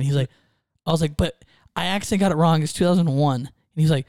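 A young man tells a story on a casual podcast, acting out each line of dialogue. His voice sits a little high, with a mellow, smooth tone. The sound is dry and close. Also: racing, hardly any pauses, dry recording. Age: 20s. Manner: animated storyteller, acts out quotes. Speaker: podcast host.

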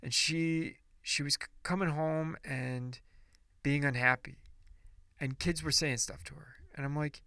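A man's voice: on the high side, fairly even intonation, measured pace, sharp tone, dry recording, studio quality. A man ranting in a casual monologue podcast, blunt and profane, preachy and rambling with restarts.

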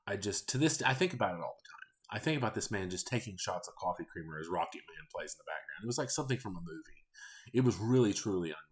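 A man with a fairly low voice tells offhand stories in a loose, rambling way. His pitch rises and falls a lot as he goes. He sounds deadpan and candid, a podcast host in his thirties. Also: quick pace. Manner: candid, rambling, deadpan about odd customers. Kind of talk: casual storytelling monologue.

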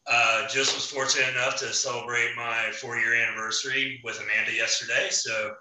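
A man joins a podcast as a guest and talks easily, with plenty of hesitant fillers. His voice is very bright and sharp. He sounds set back from the mic in a roomy space. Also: mid-range voice, flat delivery, a little fast, recorded from a distance. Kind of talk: casual podcast chat.

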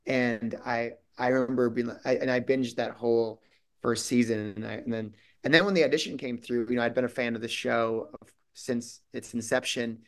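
Male guest actor, mid-pitched, loose rambling delivery full of restarts. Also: steady tone, moderate pace. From Minnesota. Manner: rambling, many restarts and quoted asides. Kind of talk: casual interview chat.

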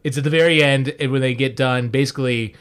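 A man's voice: medium pitch, fairly even intonation, fast, fairly bright tone, clear, resonant tone. A man co-hosting a podcast, casually reviewing a film, laughing and swearing offhandedly. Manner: laid-back, swears casually, laughs along. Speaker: podcast co-host. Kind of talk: casual movie review chat.

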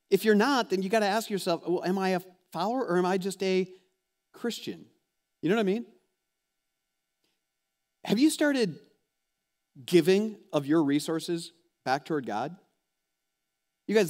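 A man preaching a sermon as a pastor, talking conversationally and putting direct questions to his listeners. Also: high voice. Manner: conversational, animated, asks the audience direct questions.

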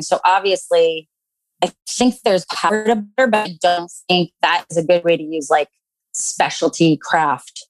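Playful woman podcast host, lowish dry voice, casual call chat. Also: dry recording, rough recording. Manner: playful, laughs often.

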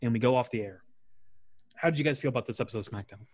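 A man's voice: medium pitch, racing, darkish tone, slightly rough, no room sound. A young man hosting a casual chat, rambling with lots of fillers and acting out quotes. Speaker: podcast host. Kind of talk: casual chat recapping wrestling.

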